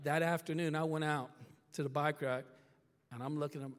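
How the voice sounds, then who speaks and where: A man preaching a sermon, telling a story with animated drama and checking in with the crowd with "all right?" and "okay?". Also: a little high, brisk. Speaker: pastor. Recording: long reverb of a big hall.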